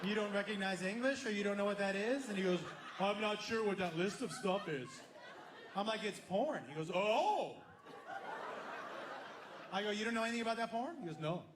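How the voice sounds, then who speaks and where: A middle-aged man tells a story on stage as a stand-up comedian, acting out each line of the dialogue. His voice sits very high for a man. The sound is roomy and echoey, with clear crowd noise behind him. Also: quick pace. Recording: echoey room with audience noise. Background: audience laughter.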